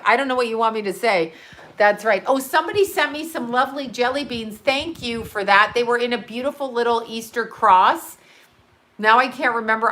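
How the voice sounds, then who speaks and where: A woman's voice: fairly high pitch, a bit bright. A middle-aged woman hosting a casual livestream. She reads viewer comments and talks freely, swearing and laughing at her own jokes.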